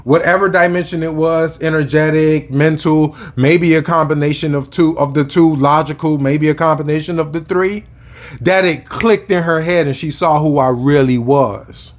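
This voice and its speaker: A man's voice: on the high side, fairly even intonation, moderate pace. Profane man venting to camera. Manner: casual, profane, rambling with fillers. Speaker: spiritual vlogger.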